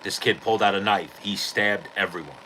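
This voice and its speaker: A man's voice: on the low side, brisk, pushed and bright, slight background noise, low-quality recording. A male podcast host telling a rambling, profane story in casual chat.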